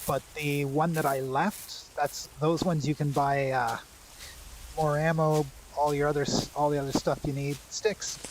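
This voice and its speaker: A man's voice: on the high side, little pitch movement, measured pace, a little hiss or hum, low-quality recording. A man streaming live, chatting and explaining the game as he plays. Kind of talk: live gameplay commentary.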